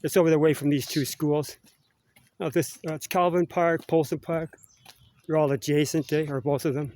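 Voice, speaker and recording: A man's voice: a little high, steady tone, normal speed, a little mellow. A middle-aged man with a Canadian accent, chatting in a meandering way and tagging "eh?" onto his sentences as he walks around outside. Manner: chatty, meandering, ends phrases with "eh?". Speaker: vlogger. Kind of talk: casual rambling walk-and-talk. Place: outdoors walking around school grounds.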